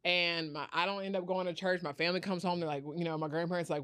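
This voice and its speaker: A woman recounts a family story in a candid interview, slipping into the voices of the people she quotes. Her voice is smooth and resonant, heard close and dry with no room sound. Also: lowish voice, steady tone, fast, few pauses, fairly bright tone, no echo. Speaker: podcast guest, founder.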